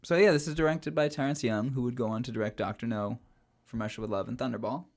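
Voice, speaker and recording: A man's voice: medium pitch, fast. A man co-hosting a film podcast in casual chat, talkative and hesitant, often slipping into playful quoted voices. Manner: chatty, hesitant with fillers, breaks into playful voices. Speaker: podcast co-host. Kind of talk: casual chat about films.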